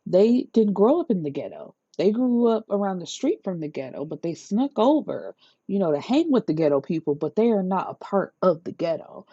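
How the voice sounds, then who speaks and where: A woman reviewing a book in a casual rant, retelling the plot in an incredulous, profane, lively way. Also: mid-range voice, normal speed, slightly rough, dry recording. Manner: incredulous, profane, animated storytelling. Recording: slightly dull lo-fi sound, dry.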